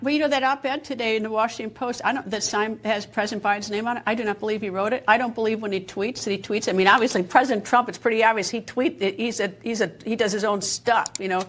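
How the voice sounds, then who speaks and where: Quick-talking woman news host. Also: a little high, steady tone. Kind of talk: cable news panel chat.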